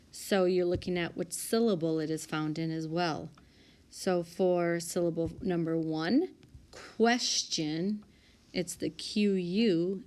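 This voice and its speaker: A woman teacher calmly and methodically working through a spelling list for small reading groups, correcting herself aloud now and then. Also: fairly low pitch. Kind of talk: recorded spelling lesson walkthrough. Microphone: tablet microphone.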